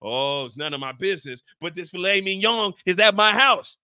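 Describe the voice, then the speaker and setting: A man voicing a hurt, stubborn middle-aged husband who complains in a low, wounded voice. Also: expressive, moderate pace, sharp tone, clear, resonant tone, no echo, clean studio sound, exaggerated voice.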